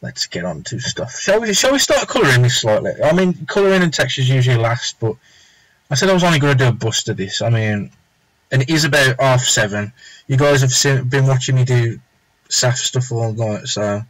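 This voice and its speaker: A man's voice: medium pitch, animated, a little fast, fairly bright tone, low-quality recording. A young man chatting casually and rambling as he draws live on stream, muttering to himself now and then. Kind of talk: casual chat while drawing.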